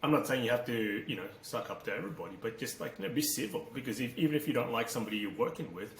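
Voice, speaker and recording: A man's voice: medium pitch, rapid-fire. A man hosting a podcast, chatty and rambling with lots of fillers in a casual interview. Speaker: podcast host. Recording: roomy echo, faint background noise.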